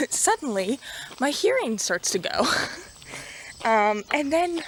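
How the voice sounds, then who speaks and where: A woman's voice: fairly high pitch, background noise. Breathless young woman vlogging outdoors. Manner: chatty and dramatic, many fillers. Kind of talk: casual storytime vlog while walking. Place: outdoors on a forest hill path. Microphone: handheld camera.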